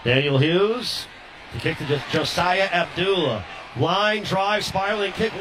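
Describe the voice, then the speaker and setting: A man with a high voice calling college football play-by-play over steady background noise. He runs quickly through formations and names, then shouts when a big play breaks. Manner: rapid, rising to shouts on big plays. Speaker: play-by-play announcer.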